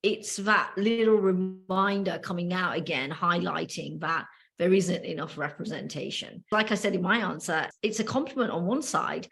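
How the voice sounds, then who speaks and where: A woman with a British accent talks through a personal story on a casual podcast, pausing often with ums and starting her sentences over. Her voice sits a little low for a woman. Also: creaky, fairly bright tone. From United Kingdom. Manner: storytelling with frequent ums and restarts. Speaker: podcast co-host.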